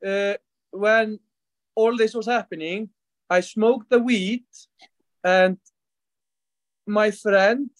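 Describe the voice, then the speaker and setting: A man on a video call asking a question, halting and searching for words with many "like"s. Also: high-pitched, steady tone, no room sound. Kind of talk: casual chat on a video call.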